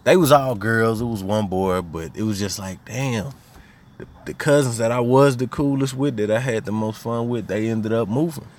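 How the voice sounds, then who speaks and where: A man's voice: lowish voice, moderate pace. A man with an Arkansas Southern accent, talking casually and telling personal stories as a podcast host, full of slang and "you know what I mean.". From Little Rock, Arkansas.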